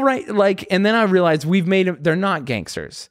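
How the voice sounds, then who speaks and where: Give me a young man telling a wild story with a bouncy, lively pitch and a dry, close sound. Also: brisk, few pauses, no echo. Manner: animated, swears a lot, acts out voices. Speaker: guest comedian. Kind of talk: casual storytelling.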